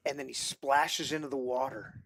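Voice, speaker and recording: A man hosting a casual movie podcast, talking excitedly, swearing often and rambling with restarts. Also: mid-range voice, normal speed, vocal fry. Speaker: podcast host.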